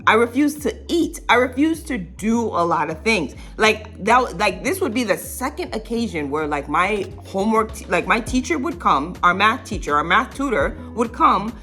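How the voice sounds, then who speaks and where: A woman's voice: mid-range voice, lively intonation, moderate pace, sharp tone, faint music behind. A young woman vlogger telling a childhood story in a casual, rambling way, full of fillers and little laughs.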